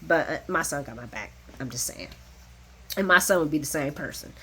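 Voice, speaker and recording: A woman giving a casual, animated recap of a soap opera, chatty and blunt, laughing often and swearing freely. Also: low voice, brisk, a little hiss or hum.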